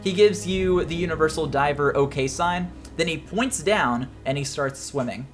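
A man's voice: on the high side, moderate pace, faint music behind. A man narrating as game master of a tabletop game, chatty and rambling with frequent laughs.

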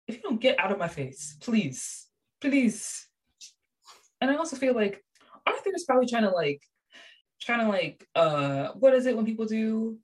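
A young woman chatting casually about a TV show, animated and gushing, with many fillers. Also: on the high side, normal speed. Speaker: show reviewer. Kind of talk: casual chat.

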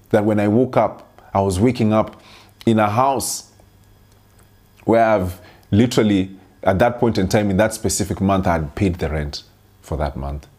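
A man's voice: fairly low pitch, a little mellow. A young adult man preaching a sermon, mixing scripture with an earnest personal story and repeating phrases for emphasis.

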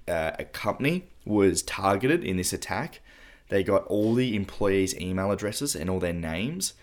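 Man, podcast co-host, deep voice, steady explainer, casual. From Australia. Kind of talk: casual chat.

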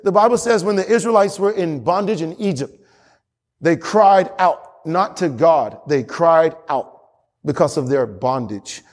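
Man, pastor, emphatic repetitive sermon, fairly high voice, long reverb. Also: lively intonation, a little slow. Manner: emphatic preaching with repetition and chuckles.

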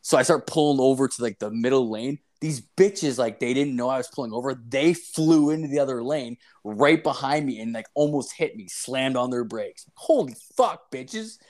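A man's voice: mid-range voice, normal speed, few pauses. Crude, swearing young man telling a story. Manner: crude, swearing constantly, filler-heavy, animated retelling. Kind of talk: casual profane storytelling.

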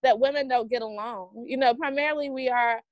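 A woman in her forties speaks with a Southern US accent, her voice sitting fairly high. She guests on a podcast in an upbeat, motivational way and calls people "honey." The recording is close and dry. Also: fairly even intonation, brisk, no room sound, low-quality recording. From American South. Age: 40s. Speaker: podcast guest, business coach. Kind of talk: conversational interview.

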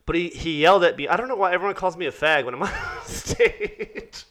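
A man's voice: sits high, brisk, fairly bright tone. A man, a stand-up comedian, chatting in a casual podcast, telling stories animatedly and laughing often.

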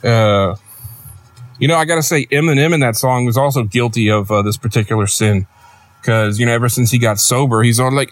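A man hosting a comedic podcast in a rambling, deadpan, sardonic monologue, recorded near a road. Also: medium pitch, fairly quick. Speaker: podcast host. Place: outdoors near a road with passing trucks.

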